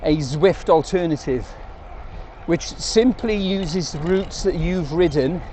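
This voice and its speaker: Chatty English cyclist on the road. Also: male voice, a little high, takes it slowly, mellow, slight background noise. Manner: chatty and rambling, jokey asides. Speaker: cycling vlogger. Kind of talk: casual talk to camera while riding. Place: outdoors on country roads on a bike.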